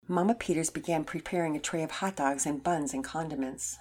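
A woman narrating a children's story in an expressive reading voice. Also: low-pitched, a little fast, slightly rough.

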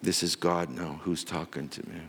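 A man preaching a sermon as pastor, telling the story with drama and dropping from loud to hushed. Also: sits low, fairly even intonation, normal speed, big-room sound, a little hiss or hum.

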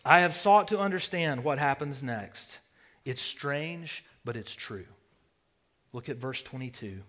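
A man preaching a sermon, swinging between loud declarations and hushed near-whispers. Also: medium pitch, expressive, a little slow. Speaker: pastor.

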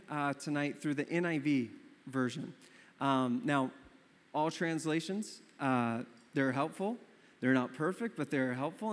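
Pastor, young adult man, lively storyteller, fairly high voice, sermon in a hall with long reverb. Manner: animated storytelling, acting out his own surprise.

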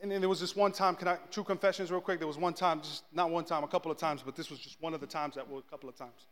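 A man, a pastor, preaching a sermon and telling a story about himself in an animated, self-mocking way, acting out his own outbursts. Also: fairly high pitch, racing, long reverb tail.

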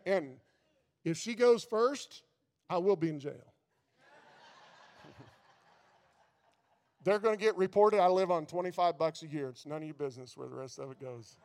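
Male pastor, very high voice, conversational sermon turning fervent, long hall reverb. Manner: conversational preaching that builds to fervent intensity. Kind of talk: informal sermon.

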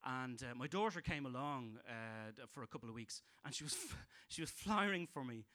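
A man's voice: medium pitch, expressive, brisk, bright, forceful tone. A man with a Dublin Irish accent performing a stand-up set, dry and hesitant with frequent ums and restarts. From Ireland. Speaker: stand-up comedian.

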